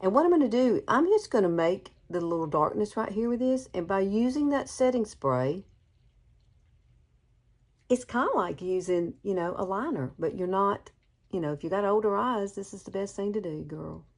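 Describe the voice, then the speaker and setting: A woman's voice: medium pitch, lively intonation, normal speed. A woman in her fifties from Alabama with a Southern accent, chatting folksily through a makeup tutorial and calling the viewer girl. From Alabama, USA. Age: 50s. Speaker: beauty vlogger.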